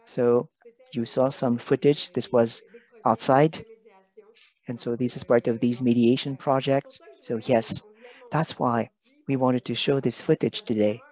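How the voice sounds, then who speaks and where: A man speaking on a video call, halting and emotional, pausing and apologizing as he talks. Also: medium pitch, fairly even intonation, a little mellow. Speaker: guest presenter. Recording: dull lo-fi video call audio.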